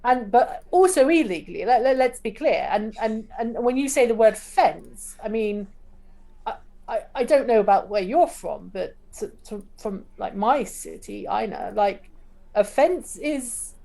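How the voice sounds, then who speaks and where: A woman chats through a tabletop game, tripping over and repeating her words. Her voice is dark and mellow. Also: a little high, expressive, a little slow, vocal fry. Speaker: player. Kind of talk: casual tabletop role-play.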